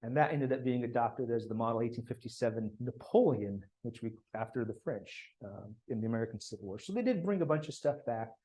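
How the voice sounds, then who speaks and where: A male speaker delivers a history lecture in a casual storytelling way. He restarts sentences and drops in asides, his voice sitting at an ordinary middle pitch. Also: animated, fairly quick, few pauses, warm tone, poor audio.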